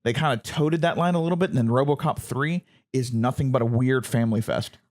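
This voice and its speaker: Man in his thirties, chatty podcast co-host, rambles and restarts, medium pitch. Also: a little fast, darkish tone. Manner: rambling, self-correcting, stammers on restarts. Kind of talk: casual chat.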